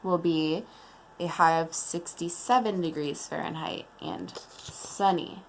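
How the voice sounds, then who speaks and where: Slow, calm woman teacher. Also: lowish voice, slight background noise. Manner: slow, calm and deliberate, explaining to young children. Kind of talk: classroom morning meeting lesson.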